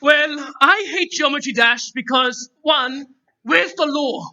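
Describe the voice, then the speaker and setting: A young man voicing a brash, blustering guest who loudly rants against a video game, recorded on a poor, dull-sounding microphone. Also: very high voice, slow, full character voice. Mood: ranting. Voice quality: shouty, blustering.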